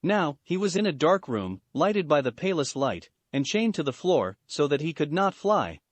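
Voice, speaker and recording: A man reading a fan fiction story aloud as scripted narration, even and unhurried. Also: on the high side, no room sound.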